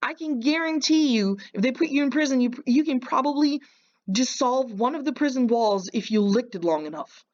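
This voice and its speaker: A woman's voice: sits high, expressive, normal speed, a little mellow, lo-fi sound. A woman hosting a reaction video, mocking and insulting the person on screen with sarcastic commentary.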